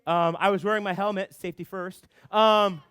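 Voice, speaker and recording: A young man speaking as a youth pastor, telling a funny story to a group with lots of fillers and quick restarts. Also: high voice, clean tone, no echo. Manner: animated storytelling with many fillers.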